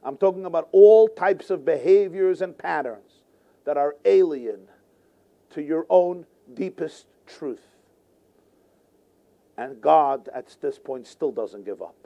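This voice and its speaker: High-voiced rabbi giving an animated class. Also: male voice, takes it slowly, gravelly. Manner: animated, rhetorical questions, repetition. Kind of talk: Torah class lecture.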